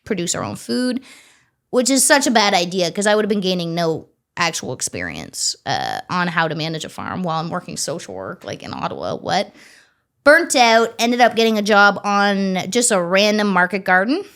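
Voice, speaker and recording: A woman in her thirties tells stories in a casual interview. She sits at a middle pitch for a woman, talks in a lively, chatty way, swears freely and acts out the people in her stories. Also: normal speed. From Ontario, Canada. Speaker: farmer, interview guest.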